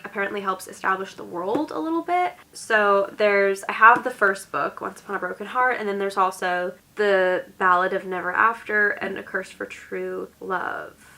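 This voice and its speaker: A young woman with a New Jersey accent talks in a bright, mid-pitched voice with a touch of vocal fry. She chats casually and reads book blurbs aloud, using plenty of "like" fillers. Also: poor audio. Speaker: book vlogger.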